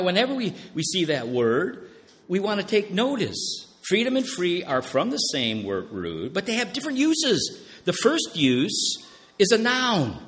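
A male pastor delivers a sermon in an unhurried, deliberate cadence, his pitch rising and plunging dramatically from phrase to phrase. He poses questions to the congregation and answers them himself, stretching out the words he wants to land. His voice carries a long reverb, as in a church sanctuary. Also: fairly bright tone. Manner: slows down and stresses key words.

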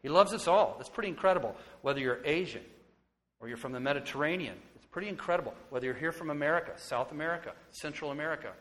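Pastor preaching in a reverberant hall. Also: male voice, fairly high pitch, fast. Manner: swings from hushed and tender to loud and excited. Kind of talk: sermon. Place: church sanctuary.

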